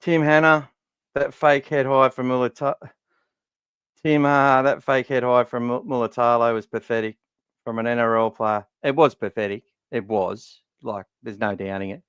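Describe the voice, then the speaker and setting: A man's voice: medium pitch, steady tone, moderate pace, a bit bright, smooth, dry recording, lo-fi sound. A middle-aged Australian man hosting a casual fan podcast from home, rambling and swearing, his voice worn from talking all day. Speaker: podcast host. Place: warm room at home.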